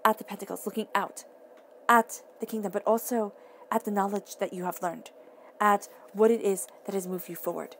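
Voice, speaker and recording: A woman's voice: mid-range voice, steady tone, normal speed, slight background noise. A woman giving a casual tarot reading to the listener, earnest and emphatic, often restating her phrases. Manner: emphatic, talks straight to the listener. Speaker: tarot reader.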